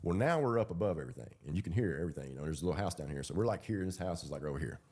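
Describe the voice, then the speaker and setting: A man's voice: deep voice, expressive, racing, a little mellow. A man telling his own story in a loose, rambling, colloquial way. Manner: rambling, colloquial, with fillers and laughs. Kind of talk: casual storytelling.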